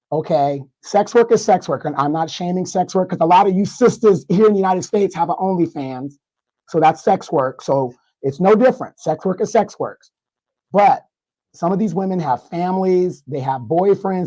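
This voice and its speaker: A man with a congested, hoarse voice, guesting on a livestream discussion and ranting in mock outrage. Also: sits high, mellow, poor audio. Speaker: guest commentator.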